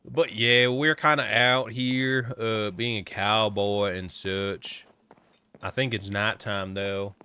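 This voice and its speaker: A man's voice: on the low side, fairly even intonation, slow pace, bright, forceful tone, clear, resonant tone. A man streaming a game, chatting casually and joking with viewers as he rambles.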